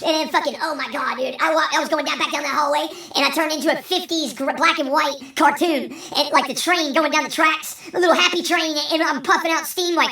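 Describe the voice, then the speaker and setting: High, bright-voiced woman telling wild stories. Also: brisk, hardly any pauses. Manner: animated, profane, rambling. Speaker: vlog host. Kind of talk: storytelling vlog. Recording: roomy sound, distant from mic.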